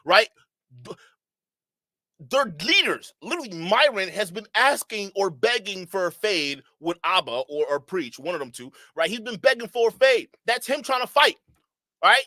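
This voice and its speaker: A man's voice: sits high, very animated, moderate pace, pushed and bright, no echo. A man hosting a reaction stream, talking casually and with exasperation, often stammering and restarting. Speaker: commentary channel host. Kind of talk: reaction commentary.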